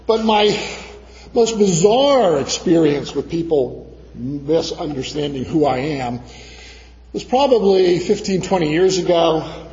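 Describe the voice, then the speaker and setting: High-voiced preacher in a reverberant hall. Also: male voice, expressive, unhurried, a little mellow. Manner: storytelling, acting out the voices of others. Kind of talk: sermon with a personal story. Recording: dull sound in a reverberant church hall.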